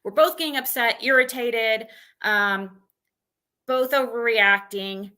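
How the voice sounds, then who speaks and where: A woman's voice: on the high side, takes it slowly, bright, forceful tone, clean tone. A woman streamer venting, recounting an argument in an agitated rush with frequent restarts. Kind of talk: venting live stream monologue.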